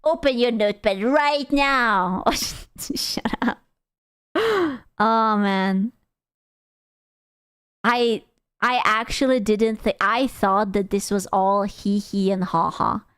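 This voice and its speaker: A woman's voice: mid-range voice, takes it slowly, a bit bright, clear, resonant tone, no room sound. A young woman streamer giving casual, rambling reaction commentary, swearing freely and sounding exasperated. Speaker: VTuber streamer.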